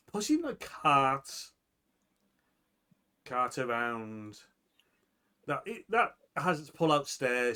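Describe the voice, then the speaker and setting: A man narrating as game master of a tabletop role-playing game, animated and quick to shift into character calls. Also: mid-range voice.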